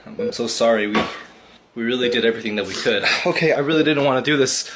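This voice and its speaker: Brief: man as a hesitant, stammering male doctor, flat ordinary voice, noisy background. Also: mid-range voice, fast, natural voice. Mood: somber. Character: nervous male hospital doctor. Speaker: comedy skit actor. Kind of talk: comedy skit acting. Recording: background noise.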